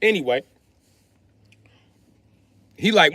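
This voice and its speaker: A man streaming live, telling a heated story in a loud, profane rant that breaks into shouting. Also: sits high, expressive, brisk, no room sound, studio quality. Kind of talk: ranting storytime.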